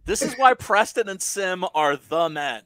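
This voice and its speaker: A man co-hosting a podcast in casual chat, excitable, repeating himself and swearing often. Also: high voice, unhurried, no echo. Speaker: podcast co-host.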